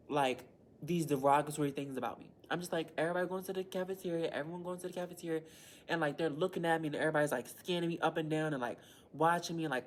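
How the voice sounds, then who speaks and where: A woman teacher venting to the camera in a heated, blunt way, swearing a lot and speaking. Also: low voice.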